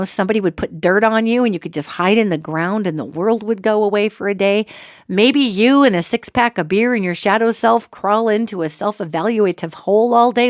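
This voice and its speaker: Woman hosting her own podcast, lively and jokey, mid pitch, dry close sound. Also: dry recording. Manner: animated, jokey, acts out quoted voices. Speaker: podcast host. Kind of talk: solo podcast monologue.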